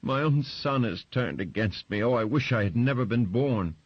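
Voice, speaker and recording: A man voicing a shrill, bitter middle-aged mother who accuses everyone around her, in a dry, slightly muffled recording. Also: animated, moderate pace, slightly rough, dry recording. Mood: wailing.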